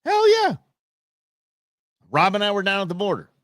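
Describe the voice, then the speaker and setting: A man's voice: high-pitched, very fast, pushed and bright, no room sound, clean studio sound. A man hosting a commentary show, reacting to a news clip with sarcastic, heated remarks that swing between mocking outbursts and muttered asides. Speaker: host.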